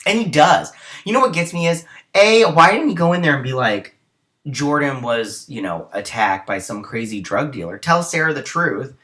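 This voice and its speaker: A man's voice: fairly high pitch, lively intonation, normal speed, sharp tone. A young man hosting a casual TV episode review, retelling scenes in a rambling way with many fillers and sounding tired, as it's early in the morning.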